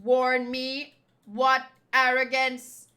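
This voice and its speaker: A woman's voice: high-pitched, monotone, very slow, sharp tone, heavily acted. A woman doing a sneering villain henchman. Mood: taunting. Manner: taunting and scornful.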